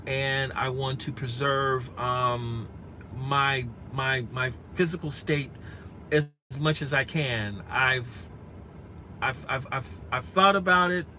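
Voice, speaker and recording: A man's voice: on the high side, pushed and bright, slight background noise, poor audio. A man in his forties chatting frankly and earnestly with live-stream viewers from inside a rented SUV, repeating himself and restarting often. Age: 40s. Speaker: rideshare driver vlogger.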